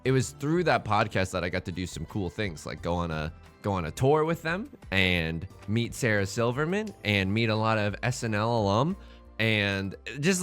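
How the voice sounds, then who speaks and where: A man's voice: a little high, bright, forceful tone. A man hosting a let's play, giving casual gameplay commentary full of joking, rambling asides.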